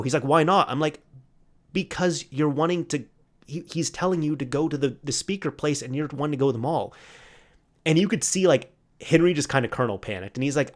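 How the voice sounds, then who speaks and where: A man's voice: fairly high pitch, fairly quick. A man hosting a solo podcast, casually retelling an old workplace story, quoting coworkers in his own voice and laughing at the memory. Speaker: podcast host.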